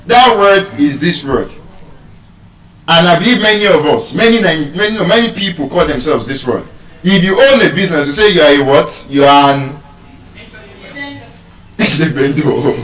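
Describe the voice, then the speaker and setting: A man's voice: fairly high pitch, a bit bright, roomy sound, recorded from a distance, poor audio. A man with a Nigerian accent giving a live stage lecture on pronunciation, quizzing the audience and spelling words out letter by letter. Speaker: public speaker teaching pronunciation.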